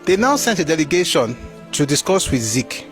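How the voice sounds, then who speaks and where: A man with a Nigerian accent giving opinionated history commentary, animated and rhetorical, reading passages aloud. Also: on the high side, normal speed, soft background music.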